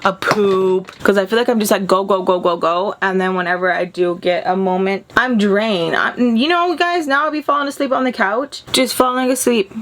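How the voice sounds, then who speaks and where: A young woman vlogger telling a long personal story in a chatty, animated way, acting out the voices of the people in it. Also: mid-range voice, normal speed, hardly any pauses. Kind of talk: casual storytelling.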